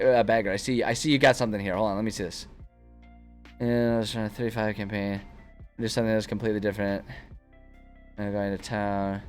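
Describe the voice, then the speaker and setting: Rambling male streamer chatting to his live chat. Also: on the low side. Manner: rambling, self-interrupting, chatty.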